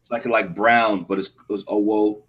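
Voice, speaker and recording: A man from Africa co-hosting a casual chat, telling stories in an animated, slangy way. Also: fairly low pitch, normal speed, breathy edge, phone-quality sound. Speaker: co-host. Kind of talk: casual live-show chat.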